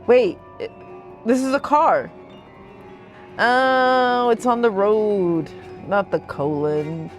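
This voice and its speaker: A woman's voice: medium pitch, expressive, slow pace, soft background music. A woman hosting a let's play, giving rambling, jokey commentary as she plays. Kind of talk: casual game commentary.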